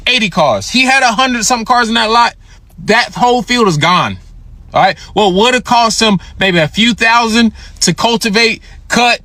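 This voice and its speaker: A man's voice: high voice, sharp tone, no room sound. A man, ranting bluntly and scolding his listeners, repeating his points. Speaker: commentator. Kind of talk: social media rant.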